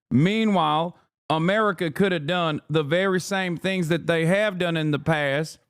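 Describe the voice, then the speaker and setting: A man's voice: high-pitched, smooth. A male livestream host giving combative, sarcastic and profane reaction commentary.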